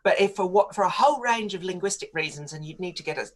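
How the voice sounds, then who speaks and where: A woman's voice: lowish voice, expressive, fast. Aussie woman pundit on talk radio, opinionated, talks in long flowing points. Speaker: political commentator. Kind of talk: studio interview on talk radio.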